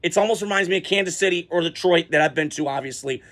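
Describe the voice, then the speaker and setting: A man with a fairly high voice vents about his football team in a loose, rambling way, full of ums and restarts. He gets excitable and swears freely as he talks it through. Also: quick pace. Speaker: sports vlogger. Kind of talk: casual fan reaction rant.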